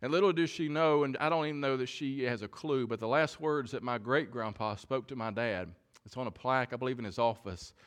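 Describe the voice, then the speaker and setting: A man's voice: mid-range voice, fairly quick. A man preaching a sermon, earnest and often repeating words as he builds a point. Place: church.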